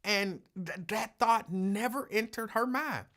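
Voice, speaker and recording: A woman hosting a call-in talk show, chatting casually with callers and telling animated stories with laughs. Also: medium pitch, slow pace. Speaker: radio talk show host.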